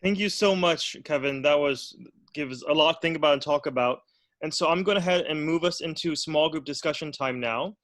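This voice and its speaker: A man with a bright, fairly high voice runs an online discussion in a relaxed, friendly way. He fills the gaps with ums and uhs, and his audio sounds close and dry. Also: normal speed, no echo. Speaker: discussion moderator. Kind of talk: casual hosting. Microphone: video call.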